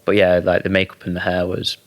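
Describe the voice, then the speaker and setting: A man's voice: low-pitched, completely flat delivery, fast talker. A young man, a guest talking casually and hesitantly about clothes and modelling. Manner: laid-back, hesitant, lots of ums and likes. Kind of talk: casual interview chat.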